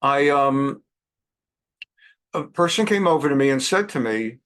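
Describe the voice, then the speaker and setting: A man in his sixties, a rabbi hosting a weekly program, telling anecdotes in a chatty, animated way with frequent restarts. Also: medium pitch, unhurried, pauses often. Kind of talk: anecdotal monologue.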